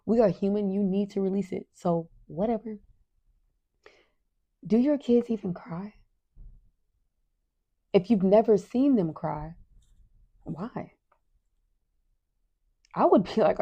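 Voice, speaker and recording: A middle-aged woman talks straight to her listeners in a casual, heartfelt podcast monologue. Her voice is mellow and warm, and she keeps checking in with "right?" and "you guys", sometimes sinking to a soft whisper to stress a point. The recording is a little dull and lo-fi. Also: mid-range voice, slow pace, long pauses. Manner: chatty and earnest, often asks "right?" and addresses listeners as "you guys". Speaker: parenting podcast host.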